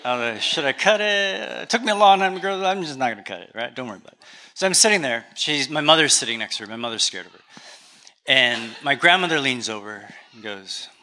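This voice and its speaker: Man, pastor, Canadian accent, chatty humorous sermon, very bright tone. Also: mid-range voice, animated, fast talker. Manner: conversational storytelling with humor.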